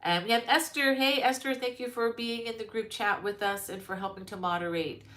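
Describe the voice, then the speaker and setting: A woman's voice: mid-range voice, a little fast, fairly bright tone. A middle-aged woman hosting a crochet live stream, chatting casually and greeting viewers by name with many ums. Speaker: crochet channel host. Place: her mother-in-law's home.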